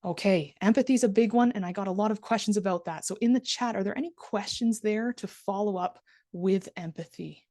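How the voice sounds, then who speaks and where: A middle-aged woman teaching a live online class, modelling soft empathetic phrases and stressing key words as she speaks to her students. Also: medium pitch, brisk, dry recording, clean studio sound.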